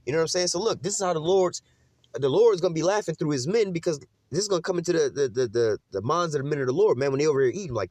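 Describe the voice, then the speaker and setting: A man's voice: fairly high pitch, lively intonation, fast, a little mellow, no echo. A man preaching on scripture in a loose, profane, slangy rant, tossing "man" into nearly every sentence. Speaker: Bible teacher. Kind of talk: casual street preaching.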